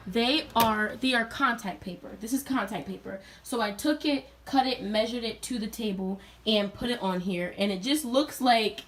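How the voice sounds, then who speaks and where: A college student in her young adult years speaks at a moderate pace in a mid-range voice. She casually shows viewers around her dorm room, upbeat and chatty as she talks straight to them.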